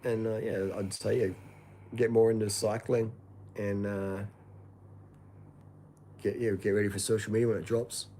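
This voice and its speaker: A man's voice: lowish voice, little pitch movement, moderate pace, pauses often, dark tone, a little hiss or hum. A man in a casual chat who talks in a laid-back, blunt way, dropping "man" and "like" often.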